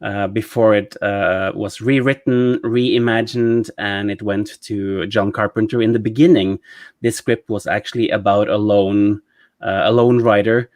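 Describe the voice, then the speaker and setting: A man in his thirties with a Norwegian accent, chatting about a movie in a halting way, full of fillers and restarts. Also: fairly low pitch, steady tone, darkish tone, dry recording, studio quality. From Norway. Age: 30s. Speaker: podcast co-host. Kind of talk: casual movie discussion.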